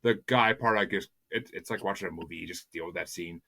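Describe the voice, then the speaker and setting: A man's voice: deep voice, fast talker, gravelly, pushed and bright. A man hosting a music podcast in casual chat, rambling and enthusiastic, often stumbling over repeated words. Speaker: podcast host.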